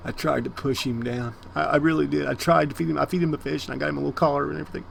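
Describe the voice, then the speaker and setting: A man's voice: fairly high pitch, steady tone, rapid-fire, vocal fry, few pauses, a bit bright, slight background noise. A man hosting a Minecraft let's-play, rambling casually to his viewers and cooing at the cats in his base. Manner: chatty and rambling, talks to viewers as guys; baby talk and meowing at the cats. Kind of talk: casual gameplay commentary.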